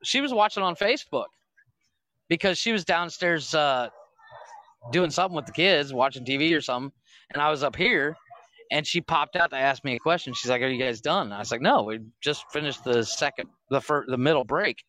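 A man chats on a podcast in a voice pitched a bit high, recorded dry and close. He swears casually and keeps breaking into laughter as he tells stories about his week. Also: expressive, a little fast, bright, forceful tone, dry recording. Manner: profane, laughing storyteller. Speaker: podcast co-host. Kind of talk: casual chat. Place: home recording room.

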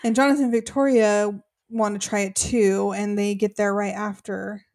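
A woman's voice: medium pitch, moderate pace. A young woman co-hosting a podcast, retelling a reality show episode in casual chat with quoted voices. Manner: chatty, animated retelling with quoted voices and laughs. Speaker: podcast co-host.

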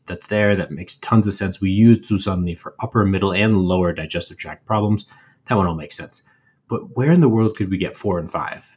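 Husky low-voiced man explaining casually. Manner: relaxed, explanatory, playful asides. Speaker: podcast co-host. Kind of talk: casual educational chat.

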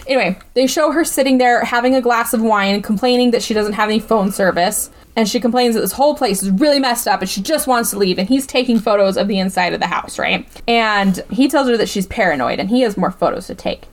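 A woman with a slightly high voice gives a casual, sarcastic recap of a film on a podcast. She talks in a loose, chatty way, full of "like" and "right?" and asides to her co-host. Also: quick pace, hardly any pauses. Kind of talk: casual movie recap chat.

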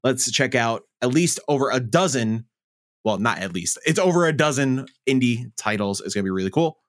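A man hosts a casual podcast, his voice sitting at an ordinary pitch but swinging widely as he talks. He laughs often and stumbles through his reads, then shrugs them off. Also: lively intonation, moderate pace. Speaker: podcast host. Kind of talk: casual podcast intro and chat.

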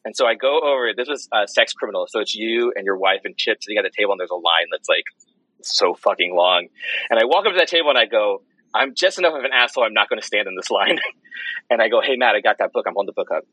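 Fast-talking husky man telling a story. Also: on the low side, animated, sharp tone, no room sound, low-quality recording. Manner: quick, rambling storyteller with many restarts. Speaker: podcast guest, comics writer. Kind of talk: casual chat.

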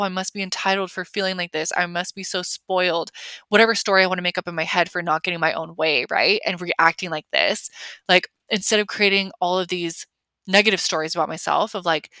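A woman's voice: fairly low pitch, sharp tone, no echo. A young adult woman hosting a podcast, talking casually and emphatically with lots of fillers. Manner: chatty, filler-heavy, emphatic. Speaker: podcast host. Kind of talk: casual confessional chat.

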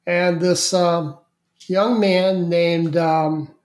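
An interview guest telling a story in a casual, halting way, with many fillers and repeated words. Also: mid-range voice, steady tone. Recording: echoey room.

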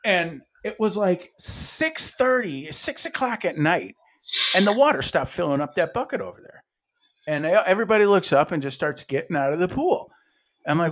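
Man from the Midwest, casual storytelling, animated pitch, slightly higher voice. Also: moderate pace. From American Midwest. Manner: animated storyteller, swears freely, acts out quotes. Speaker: podcast co-host.

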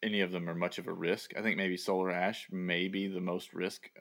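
A man's voice: low voice, flat delivery, a little fast, fairly bright tone. A man with a light Southern American accent, co-hosting a casual gaming podcast in a laid-back way, often trailing off. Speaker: podcast co-host.

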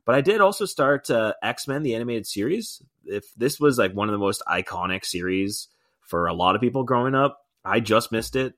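A young man co-hosting a podcast, chatting in an easygoing way with quick asides. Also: mid-range voice, expressive, a bit bright. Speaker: podcast co-host. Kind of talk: casual chat.

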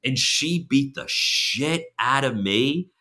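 A man's voice: medium pitch, slow. A middle-aged man telling candid stories as a guest on a casual podcast chat, with many restarts. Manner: candid, animated storyteller with frequent restarts. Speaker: counselor supervisor, podcast guest.

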